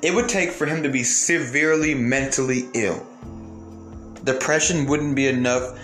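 This man, a commentator, rants heatedly and profanely at his viewers, throwing out rhetorical questions at normal speed. His mid-range voice has a slightly bright quality. There's a roomy echo and soft music underneath.

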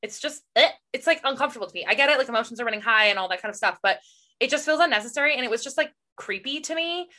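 A woman's voice: fairly high pitch, lively intonation, racing, sharp tone. A young woman co-hosting a podcast, chatting casually about a book and often acting out lines from it. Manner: chatty, laughs often, acts out quotes. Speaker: podcast co-host.

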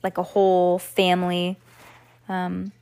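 A woman's voice: on the low side, monotone, takes it slowly, darkish tone, clean tone. A woman reading a children's book aloud at home, casually stopping to comment and restart lines. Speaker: reader.

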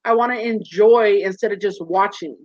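A woman's voice: mid-range voice, normal speed, a little mellow, no room sound. A woman in her thirties, a guest in a candid interview, talking earnestly and animatedly and acting out voices in her stories. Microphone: video call. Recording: dull muffled lo-fi sound.

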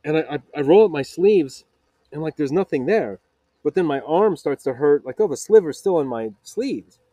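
A man's voice: fairly high pitch, lively intonation, normal speed, mellow, husky, no room sound. A man in his thirties hosting a podcast, telling a personal story casually, stumbling over repeated words and fillers. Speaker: podcast host.

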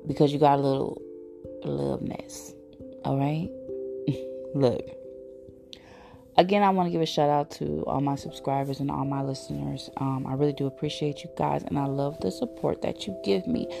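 A woman with a low, gravelly voice hosts a solo advice podcast, blunt and animated as she teases her listeners. Music plays clearly behind her. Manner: animated, blunt and teasing, breaking into laughter. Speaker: podcast host.

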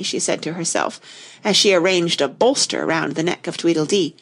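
A woman narrating an audiobook with expressive storytelling. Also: deep voice, moderate pace, vocal fry.

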